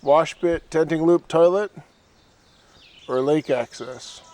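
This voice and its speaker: Chatty hiker man, slightly high voice. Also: slow, darkish tone, soft background music. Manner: chatty, playful, rambling. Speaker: solo hiker filming his trip. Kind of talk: casual trail vlog. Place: outdoors by a lake in woods.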